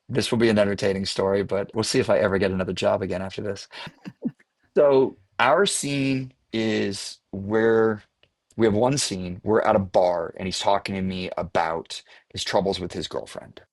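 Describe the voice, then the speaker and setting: A man's voice: lowish voice, no room sound. A man from the American Midwest, an actor guest, animatedly telling an on-set story in casual podcast chat. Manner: animated storyteller who laughs at his own tale.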